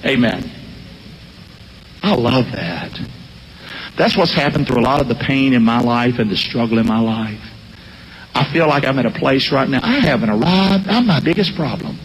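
A man preaching a sermon, animated and drawing responses from his congregation. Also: mid-range voice, normal speed, long pauses, a little hiss or hum. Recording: long hall reverb.

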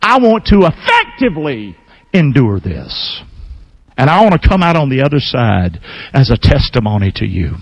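A man's voice: mid-range voice, very animated, normal speed, no room sound, muffled recording. A man in his sixties, a pastor preaching a folksy, emphatic sermon with call-and-response to his congregation.

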